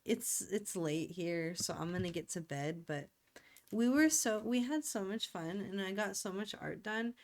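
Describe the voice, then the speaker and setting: Streaming live, a woman with a mid-range voice chats casually in an animated, unhurried way. She rambles playfully and talks to herself as she works.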